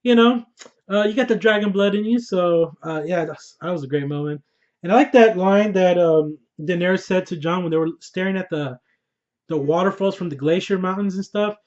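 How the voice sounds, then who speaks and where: A young man with a high voice talks through a TV episode, hyped and slangy, swearing freely as he reacts. The recording is dull and lo-fi. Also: moderate pace, darkish tone. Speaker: TV episode reviewer. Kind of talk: casual excited review.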